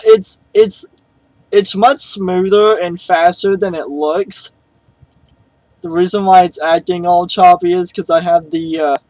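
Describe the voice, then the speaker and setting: A man's voice: high voice, no room sound, rough recording. A young man telling a story in a casual vlog, rambling and hesitant with many fillers. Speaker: vlogger.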